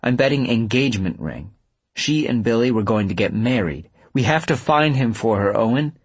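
A man's voice: medium pitch, lively intonation, measured pace, breathy edge, no room sound, voice pushed up. A man voicing an earnest young woman who senses a ghost, hopeful and urgent.

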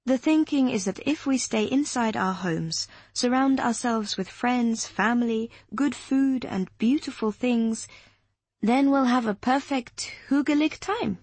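A woman voicing an earnest young Danish woman who explains things gently, in a slightly husky voice. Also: a little high, unhurried, no echo, voice pushed up.

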